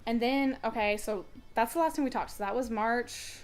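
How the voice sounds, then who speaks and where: A woman's voice: fairly high pitch, moderate pace, faint music behind. A young woman recording a storytime vlog on her phone camera at home, reading messages aloud in a blunt, firm, indignant way. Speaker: vlogger. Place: indoors at home.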